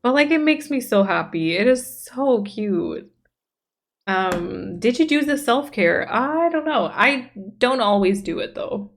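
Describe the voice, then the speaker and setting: Her voice is fairly high, animated and a touch creaky, moving a little slowly, as this woman streamer plays and chats casually. She reads out messages from chat and raves about the game.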